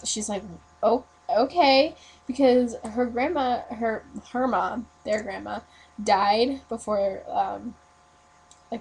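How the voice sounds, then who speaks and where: A woman's voice: medium pitch, slightly rough, poor audio. A teenage girl telling a ghost story in a casual webcam video reply, rambling with lots of fillers and self-corrections. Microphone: webcam mic.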